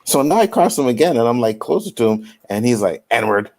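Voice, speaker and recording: A man's voice: mid-range voice, big pitch swings, fast talker, dark tone. A man on a casual panel show, from Canada, telling a personal story with lots of "you know what I mean".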